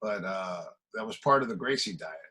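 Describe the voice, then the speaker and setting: A low-quality recording captures a middle-aged martial arts coach from the American Midwest telling casual stories on a podcast and acting out the dialogue within them. He has a fairly low, bright, forceful voice and speaks at a moderate pace.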